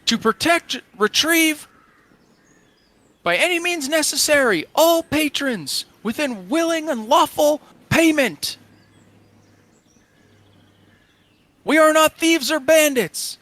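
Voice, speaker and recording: A man voicing a male mercenary horseman, shouting formally and indignantly. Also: extremely high pitch, lively intonation, measured pace, voice pushed up, exaggerated voice.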